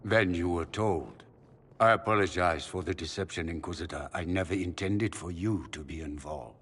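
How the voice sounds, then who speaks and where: A remorseful older father and magister in a game scene. His voice sits very low and speaks with measured, apologetic pleading, with faint ambient sound behind it. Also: a bit bright, a little hiss or hum. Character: remorseful aging male magister, a stern father. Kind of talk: game character dialogue.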